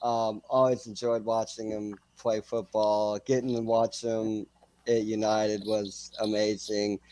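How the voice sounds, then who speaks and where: A man's voice: on the low side, flat delivery, a little slow, darkish tone, no room sound, rough recording. A man on a soccer panel speaking as a keen fan, tacking "man" onto his lines. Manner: enthusiastic fan, says "man" a lot. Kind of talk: casual chat.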